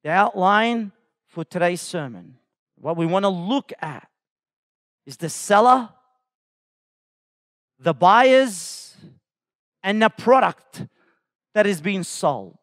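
A man preaching a sermon as pastor, impassioned, rising to shouts when voicing the call to come. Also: high-pitched, animated, takes it slowly, long pauses, no echo, studio quality.

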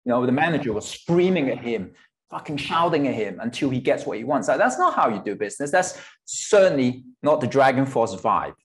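A man's voice: mid-range voice, very animated, brisk, a crowd in the background. A man in his forties from Hong Kong, a guest guitarist in a casual interview, speaking candidly, swearing now and then and laughing between thoughts. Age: 40s.

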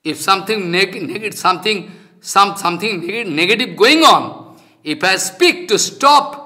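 Emphatic high-voiced older spiritual teacher. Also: male voice, lively intonation, unhurried, sharp tone. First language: Bengali. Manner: emphatic, repetitive, non-native phrasing. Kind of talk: devotional lecture.

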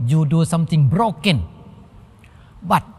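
Monk preaching, lively high voice. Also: male voice, gravelly, husky. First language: Thai. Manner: simple halting English, acts out little dialogues. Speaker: Buddhist monk giving a dharma talk. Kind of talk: sermon. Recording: long hall reverb.

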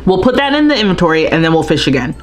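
A woman's voice: lowish voice, very animated, racing, soft background music. A young woman streaming a life-simulation game live, chatting and thinking aloud as she plays. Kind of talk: live gameplay commentary.

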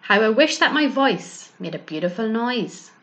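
A woman's voice: a little high, big pitch swings, normal speed, a bit bright. A woman voicing a childlike, eager little bear who is easily upset, in a children's storybook reading. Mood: sulky. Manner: childlike and pleading.

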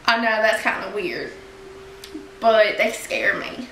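A woman playing a giggly, slow-talking small-town girl. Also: fairly high pitch, a bit bright, full character voice. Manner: giggly and halting. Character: giggly small-town young woman who loves horses. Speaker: reality show contestant. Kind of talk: amateur mock reality-show confessional. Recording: echoey room with faint noise.

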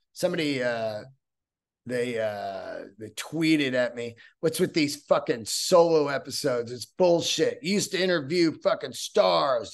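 A man hosting a solo podcast episode, talking in a profane, rambling, animated way. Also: mid-range voice. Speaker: podcast host.

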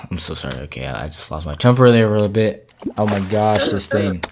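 A man giving casual, excitable commentary while playing a video game, gasping at finds and talking to his viewers. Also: fairly low pitch, a little fast, noisy background. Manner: excitable, gasps and exclaims at discoveries, chats to viewers. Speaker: gaming channel host.

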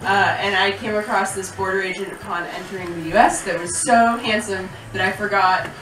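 A woman's voice: mid-range voice, steady tone, brisk. An American woman from Seattle doing a stand-up comedy set, rambling and self-deprecating with many restarts. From Seattle, USA. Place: comedy club with laughing audience. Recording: echoey club taped from far off, loud noise.

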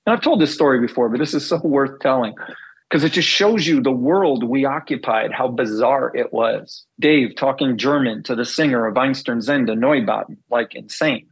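A middle-aged man, a former band bassist, telling stories in a casual interview and acting out the dialogue he recalls. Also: normal speed, husky, low-quality recording. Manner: animated storyteller, acts out quoted dialogue.

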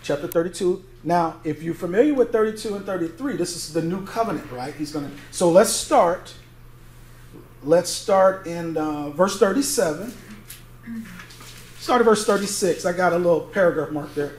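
High-voiced pastor teaching in an echoey church. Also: male voice, lively intonation, normal speed, darkish tone. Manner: conversational, asks the congregation to fill in words, reads scripture aloud. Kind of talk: interactive Bible teaching sermon. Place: church sanctuary. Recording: echoey church room, faint noise.

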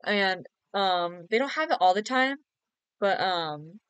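A woman's voice: medium pitch, expressive, slow, clear, resonant tone, dry recording. A young woman chatting casually on a late-night game stream, giggly, teasing and sleepy. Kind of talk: casual live-stream chat.

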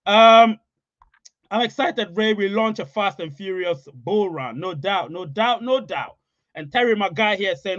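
A man's voice: on the high side, moderate pace, fairly bright tone, no room sound. A man hosting a casual livestream, reading viewer comments and repeating his points for emphasis. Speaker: livestream host. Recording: dry, slightly dull audio.

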